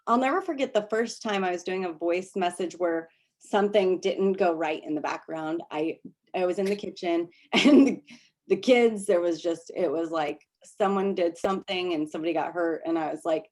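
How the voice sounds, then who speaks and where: Her voice is lowish and a little mellow, moving at a moderate pace while she leads a casual workshop on a video call. She chats, laughs a lot, and keeps restarting sentences as she coaches.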